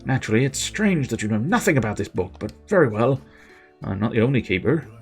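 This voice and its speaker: Over faint background music, a man with a mid-range voice talks quickly, his pitch swinging widely. He's voicing a video game character, a fed-up former town clerk running away from his life, using a put-on Irish accent and a chatty, exasperated delivery.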